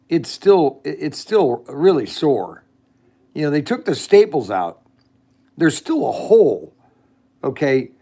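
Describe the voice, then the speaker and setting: Casting: middle-aged male livestream host, slow and gravelly delivery, rambling chat. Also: a little high, a little mellow. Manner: rambling, chats with viewers' comments. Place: shed.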